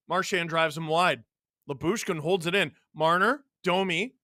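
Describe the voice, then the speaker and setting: A man from Canada hosting a live hockey watch-along, mixing excited play-by-play with reading chat messages and shouting on big plays. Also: fairly high pitch, a little slow, no echo, clean studio sound. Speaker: livestream host watching a hockey game.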